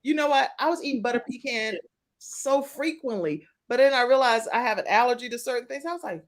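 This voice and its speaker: A woman's voice: on the high side, brisk. A woman in her forties hosting a live talk show, chatting and laughing as she reads out viewer comments.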